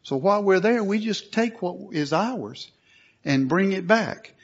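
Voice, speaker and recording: A man preaching a sermon, earnest and at times forceful, on a dull lo-fi recording. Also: sits high, animated, unhurried. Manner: earnest, rising to forceful emphasis.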